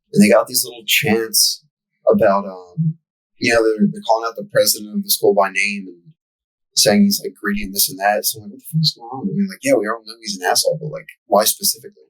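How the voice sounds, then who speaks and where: A man's voice: on the low side, breathy edge, poor audio. A young man telling a profane, ranting story as a podcast co-host in casual chat. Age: young adult.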